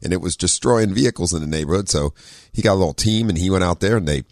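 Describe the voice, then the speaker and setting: A middle-aged man hosting a car talk radio show, relaxed and rambling with many ums and easy laughs. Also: fast talker, no echo, studio quality. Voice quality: very low radio voice. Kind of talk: casual talk radio chat. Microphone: studio microphone.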